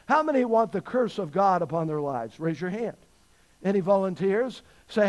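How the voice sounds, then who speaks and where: High-voiced guy preaching a sermon, emphatic, keeps asking the church questions. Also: moderate pace, darkish tone, low-quality recording. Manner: emphatic, asks the congregation questions. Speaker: pastor.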